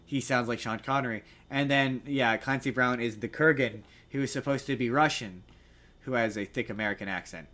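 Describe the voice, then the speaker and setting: A man co-hosting a podcast, chatting casually and animatedly, slipping into quick jokey impressions. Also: medium pitch, sharp tone. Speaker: podcast co-host. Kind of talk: casual chat.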